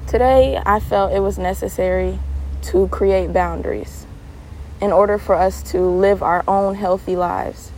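Young woman podcast host, animated solo talker, mid-range voice. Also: medium pitch, unhurried, slight background noise, poor audio. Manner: animated storyteller, laughs often, swings to earnest advice. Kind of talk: casual solo monologue.

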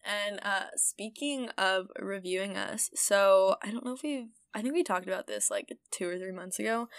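A woman's voice: medium pitch, dry recording. A bubbly young woman co-hosting a podcast. She rambles and giggles as she chats. Her voice sits close and dry on the mic. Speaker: podcast co-host. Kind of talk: casual chat.

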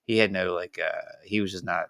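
A male host chats about a film in a loose, playful, rambling way. His voice sits on the low side. The sound is dry and close to the mic. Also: fairly even intonation, a little fast, a bit bright, clean tone, no echo. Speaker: podcast host. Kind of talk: casual movie discussion.

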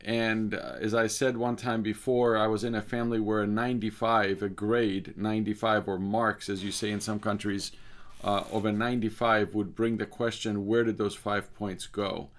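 A man from Cyprus, a speaker and author, telling a personal story in a measured, deliberate way that lingers over details. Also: on the low side, flat delivery.

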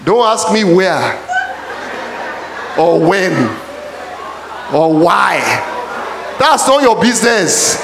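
A man preaching a sermon in a church, often shouting calls to the congregation. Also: high voice, expressive, a little slow, crowd noise, background noise. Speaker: pastor. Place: church hall. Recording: echoey church hall.

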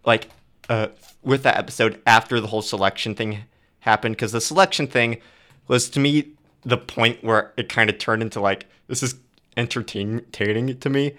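A man with a middle-pitched voice chats casually on a podcast. He rambles with restarts and drops dry jokes. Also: moderate pace, a bit bright. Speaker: podcast co-host. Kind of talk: casual chat reviewing a reality show.

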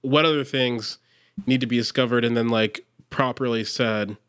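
A young man at an ordinary pitch co-hosts a casual podcast, recorded dry and close with no room sound. He rambles through his points, filling his sentences with "like" and restarting them often. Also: steady tone, normal speed, a bit bright, smooth, no room sound. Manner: rambling, heavy use of "like", frequent restarts. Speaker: podcast co-host. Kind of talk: casual chat.

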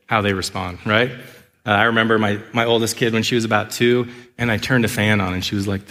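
Male pastor, 30s, mid-pitched, earnest preaching with humorous asides, church hall reverb. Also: a bit bright. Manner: earnest, with acted asides and laughs. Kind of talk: sermon. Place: church sanctuary. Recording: long reverb of a large hall.

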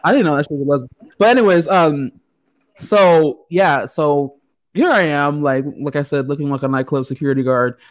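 A woman's voice: low-pitched, normal speed. A woman from the United States co-hosting a podcast, telling a story in casual chat, profane and often laughing. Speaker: podcast co-host.

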